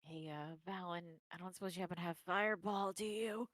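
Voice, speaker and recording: A woman's voice: on the low side, fairly quick, a bit bright, no room sound. A woman player in a tabletop game, speaking casually and playfully.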